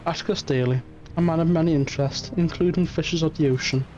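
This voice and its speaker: A man voicing a composed, curious investigator in a game reading, asking polite measured questions. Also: fairly high pitch, warm tone, a little hiss or hum, lightly acted. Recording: muffled stream audio, faint music.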